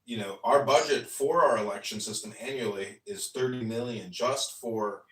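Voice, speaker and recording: Man from Illinois, candidate type, earnest explainer, echoey room, mid pitch. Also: moderate pace, a bit bright. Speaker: write-in congressional candidate. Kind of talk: casual chat. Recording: echoey, distant mic.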